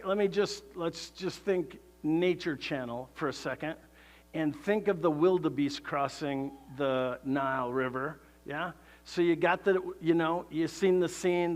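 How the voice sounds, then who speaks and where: A man preaching a sermon, animated and conversational, asking the congregation rhetorical questions and laughing between points. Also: on the high side. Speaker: pastor.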